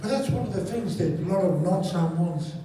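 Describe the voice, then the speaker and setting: A man telling a comic story on stage in an animated, playful way, acting out the people in it. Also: sits high, brisk. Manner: animated, playful, acts out characters. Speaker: stand-up comedian. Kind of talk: stand-up comedy storytelling. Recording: echoey venue, distant mic, noise.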